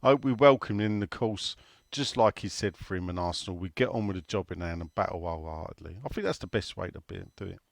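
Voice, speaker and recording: A man's voice: deep voice, quick pace, gravelly, no room sound, clean studio sound. A man hosting a casual football chat, reading out listener questions in a blunt, sweary way.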